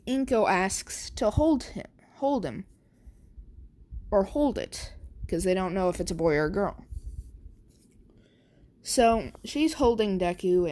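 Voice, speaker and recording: A woman's voice: medium pitch, a little mellow. A woman casually telling a made-up story, rambling and correcting herself as she goes. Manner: rambling, full of fillers and self-corrections.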